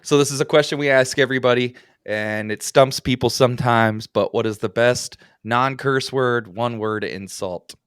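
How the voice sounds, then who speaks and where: A man's voice: medium pitch, normal speed, few pauses, smooth, no room sound. Easygoing male co-host, friendly interviewer tone, dry studio sound. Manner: friendly, asks the guest questions. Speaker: podcast co-host. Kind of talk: casual chat.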